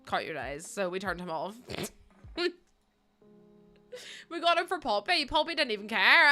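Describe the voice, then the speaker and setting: A woman's voice: medium pitch, big pitch swings, moderate pace, long pauses, pushed and bright, soft background music. A young woman with a Northern Irish accent, chatting casually and telling funny stories while streaming a building game, swearing and laughing often. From Northern Ireland.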